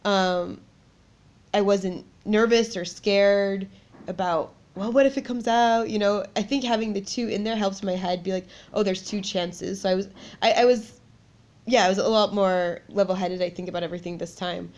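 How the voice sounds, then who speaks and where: A woman co-hosts a podcast in a relaxed, chatty way. She tells a personal story with lively energy and laughs often. Her voice sits at a middle pitch for a woman. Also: moderate pace, highs cut off. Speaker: podcast co-host. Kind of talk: casual chat.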